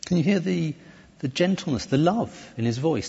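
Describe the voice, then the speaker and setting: A man preaching a sermon in a church, conversational and animated, often restarting his phrases. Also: on the high side, normal speed, creaky, husky. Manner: lively, conversational preaching with self-corrections. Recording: dull, echoey church hall recording.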